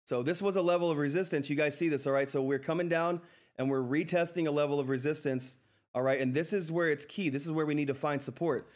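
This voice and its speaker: A man hosting a live stock trading stream, talking through price charts in an excitable, effusive way that repeats itself. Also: on the high side. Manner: excitable, effusive, repeats himself, says "all right?" often. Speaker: livestream stock trading host. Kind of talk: live market commentary and chat.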